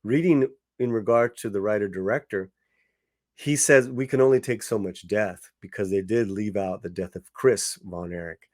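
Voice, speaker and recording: A man's voice: fairly low pitch, normal speed, a little mellow, no room sound, studio quality. A man giving a casual spoken film review, conversational, with many fillers and restarts. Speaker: movie reviewer.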